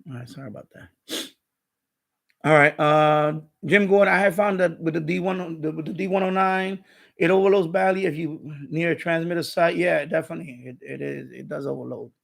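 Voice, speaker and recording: Gravelly high-voiced man chatting casually. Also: brisk. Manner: rambling, repeats himself, frequent restarts. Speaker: live stream host. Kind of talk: casual live-stream chat.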